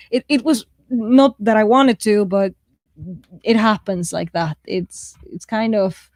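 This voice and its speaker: A woman's voice: medium pitch, dry recording. A woman with a mixed, shifting accent, hosting a live writing stream in a casual, self-deprecating way, reading viewer comments aloud and laughing often. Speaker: livestream host of a writing write-in.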